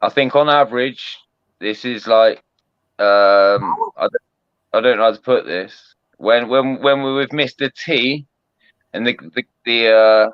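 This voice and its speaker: Man, mid pitch, dry ribbing humor, dull dry lo-fi sound. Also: a little slow, clean tone, no echo. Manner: dry, ribbing, restarts often. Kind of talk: casual banter.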